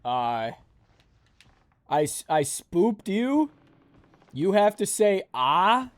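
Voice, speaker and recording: A man's voice: high-pitched, very animated, extremely slow. A man streaming a game live, joking and rambling sleepily with his chat.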